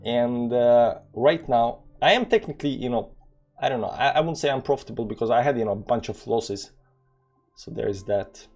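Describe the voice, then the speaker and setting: A man's voice: medium pitch, normal speed, dark tone, soft background music. A man from the former Yugoslavia with a Balkan accent, giving casual live crypto trading commentary in a rambling way, full of fillers and read-out numbers.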